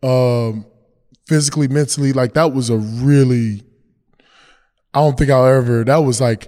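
An NBA champion appears as a guest on a podcast, chatting loosely in a casual interview, often restarting sentences and circling back to repeat the same point. His voice is medium-pitched, steady and mellow at a normal speed, with a big-room sound.

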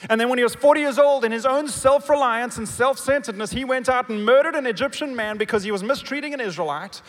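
High-voiced male preacher in a reverberant hall. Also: quick pace. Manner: dynamic, swings from loud emphatic bursts to soft low asides; engages the congregation with questions. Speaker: pastor. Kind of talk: sermon. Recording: long reverb of a big hall.

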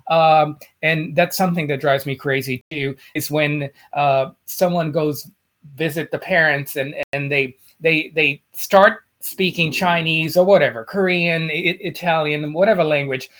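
Halting, passionate man co-hosting. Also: fairly high pitch, steady tone, a bit bright. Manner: halting, many restarts, passionate. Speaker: podcast co-host. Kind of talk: casual chat.

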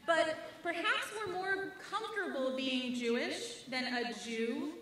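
A woman rabbi preaches a rhythmic sermon laced with wry humor. Her voice is high and bright. It rings through a very echoey sanctuary, picked up from some distance away. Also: slight background noise. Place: large synagogue sanctuary.

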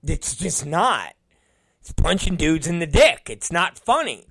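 Middle-aged man, podcast host, profane exasperated rant, gravelly voice, dry close sound. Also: on the high side, big pitch swings, unhurried, fairly bright tone, dry recording. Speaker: podcast host and wrestling promoter. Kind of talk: casual rant.

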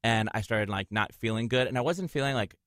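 A man in his thirties from Minnesota chats on a podcast with a bright, ringing voice. He tells stories animatedly and his pitch leaps up when he quotes others. The sound is close and dry. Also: a little fast, no room sound. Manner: animated storyteller, jumps high when quoting people. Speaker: podcast co-host. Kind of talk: casual chat.

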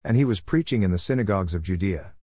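Low-voiced man reading scripture, dry sound. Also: dry recording. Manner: steady, measured reading in short phrases. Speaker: scripture reader.

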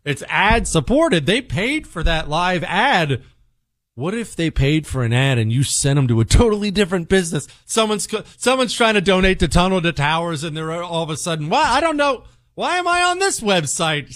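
A man's voice: normal speed, no room sound, studio quality. A man hosting a talk radio show, delivering an opinionated, sarcastic monologue. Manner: sarcastic, animated, swings pitch for emphasis.

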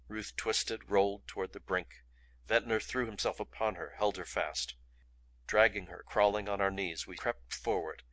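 A man reading an adventure novel aloud in steady, dramatic narration. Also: lowish voice, moderate pace. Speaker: audiobook reader. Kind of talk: audiobook narration.

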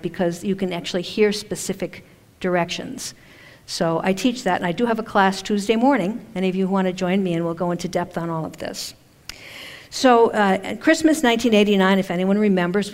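An older woman from Maine talking casually to a live audience from a stage, chatty and self-deprecating, laughing often. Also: mid-range voice. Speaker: speaker at a spiritual event. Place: stage in a large hall. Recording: echoey hall with long reverb.

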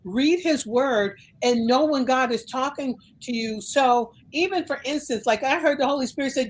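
A middle-aged woman minister from the United States telling a personal faith story in conversation, animated and emphatic. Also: high-pitched, moderate pace, few pauses, slight background noise, rough recording. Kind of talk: conversational testimony.

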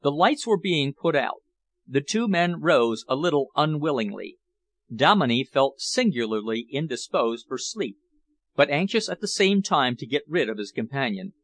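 A man narrating a novel in a measured, even reading voice. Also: fairly high pitch, no room sound. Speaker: audiobook reader. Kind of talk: scripted narration.

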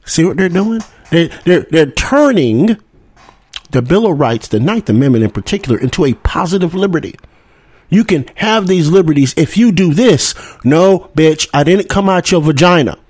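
A man's voice: on the high side, animated, moderate pace, a little mellow, breathy edge, no echo. A man hosting a political talk show, delivering a heated monologue full of profanity and rhetorical "hmm?" asides. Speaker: podcast host.

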